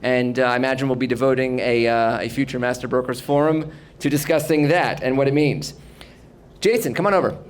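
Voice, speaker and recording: A man moderating an event, introducing a guest formally in measured, hesitant phrasing. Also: medium pitch, fairly even intonation.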